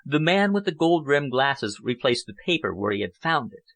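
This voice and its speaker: In a measured, steady style, a mid-range-voiced man reads aloud from a novel. It's scripted audiobook narration.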